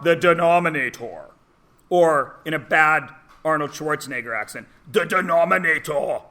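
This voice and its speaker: A man teaching a math class in a classroom, chatty and teasing, often checking in with quick questions. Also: on the high side, pushed and bright. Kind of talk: classroom lesson.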